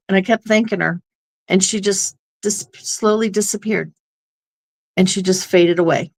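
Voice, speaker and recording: A woman's voice: mid-range voice, fairly even intonation, unhurried, pauses often, a little mellow. A woman guest on an interview show, telling a personal story in an earnest, rambling way. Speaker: guest medium.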